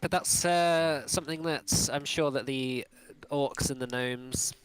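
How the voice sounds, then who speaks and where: A man's voice: medium pitch, measured pace, clean tone. Hesitant game master man. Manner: hesitant, many fillers and restarts. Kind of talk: narrating a tabletop game.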